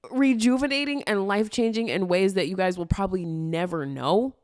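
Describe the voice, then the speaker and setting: A woman's voice: medium pitch, fairly quick, darkish tone, no echo, clean studio sound. A young adult woman hosting a casual podcast, rambling candidly with lots of fillers and the odd swear word. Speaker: podcast host.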